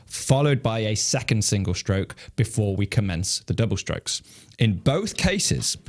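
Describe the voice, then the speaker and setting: A man teaching snare drum technique, explaining stickings in a calm, methodical way and counting beats aloud. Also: on the low side.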